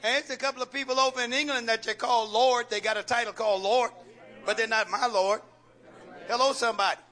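High bright-voiced preacher man. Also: steady tone, a little fast. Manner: preacher's rhetorical questions, coaxing and joking. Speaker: pastor. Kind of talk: call-and-response sermon. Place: church sanctuary with congregation.

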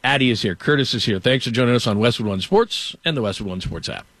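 A man's voice: mid-range voice, animated, quick pace, heavy background noise. A man hosting a sports radio show, telling rambling stories in a loose, chatty way. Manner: rambling anecdotal storytelling with laughs. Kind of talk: casual sports radio chat. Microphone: studio microphone.

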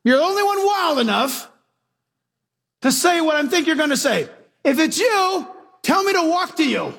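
A husky-voiced man acting out a big, burly, impatient fisherman apostle as part of a sermon. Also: sits high, animated, normal speed, exaggerated voice. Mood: excited. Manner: bold, exasperated, shouting.

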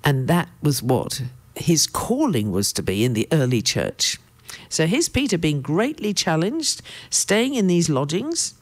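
A woman preacher with a low voice reads scripture and comments in a lively, swinging tone. She speaks with emphatic asides, recorded close and dry. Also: no echo. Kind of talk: sermon with Bible reading.

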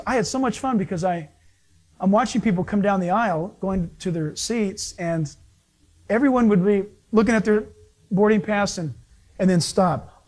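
A male pastor preaching a sermon, telling stories and acting out the voices of the people in them. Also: high-pitched. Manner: storytelling, acts out other people's voices.

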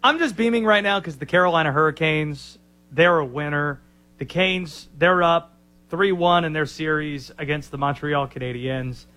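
A man co-hosting a sports radio show, talking excitedly and rambling with restarts. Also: on the high side, normal speed. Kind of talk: casual sports talk.

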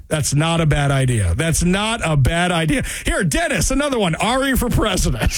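A male talk radio host giving sarcastic, animated political commentary and hammering points home by repeating them. His voice runs high and swings widely in pitch. The sound is dry and close. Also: no echo.

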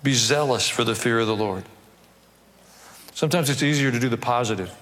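A man, a pastor, preaching a sermon in a conversational way with wry asides, reading scripture aloud in slower, measured tones. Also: medium pitch, fairly bright tone, big-room sound.

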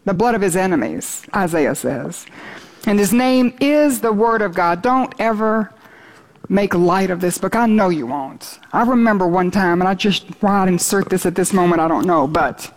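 A woman's voice: medium pitch, lively intonation, normal speed. A woman preaching a sermon, earnest and rising to exultant as she reads scripture aloud.

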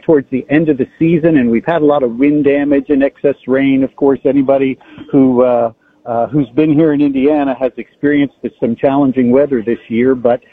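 Husky-voiced man calling in by phone. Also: mid-range voice, brisk, no echo. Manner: relaxed, friendly, a bit rambling. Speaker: phone-in guest, flower farmer. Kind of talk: casual radio chat. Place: outdoor farmers market. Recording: phone-line call-in audio.

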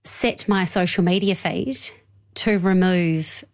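A woman hosting a radio health show, explaining news clearly and laughing easily. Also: fairly low pitch, fairly even intonation, slow pace. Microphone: studio mic.

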